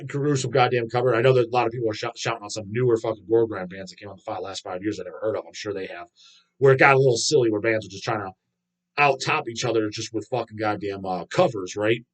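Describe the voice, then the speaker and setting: A middle-aged man hosting a livestream, ranting in a swaggering, foul-mouthed, mocking way. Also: medium pitch. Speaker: livestream host. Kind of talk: profane casual rant.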